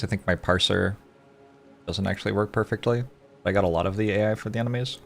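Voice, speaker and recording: A man on a livestream, chatting casually with viewers and greeting them one by one, with sudden loud mock-outraged outbursts. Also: fairly low pitch, steady tone, fast, vocal fry. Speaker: streamer.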